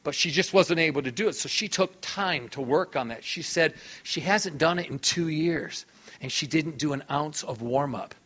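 Animated preacher man, dull recording. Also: a little high, normal speed, husky. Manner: animated, enthusiastic storyteller. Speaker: guest preacher. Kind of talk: sermon storytelling. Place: church hall.

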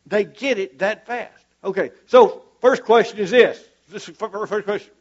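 A man's voice: high-pitched, moderate pace, muffled recording. A man preaching a sermon to a church congregation, fervent and emphatic, repeating his points for weight.

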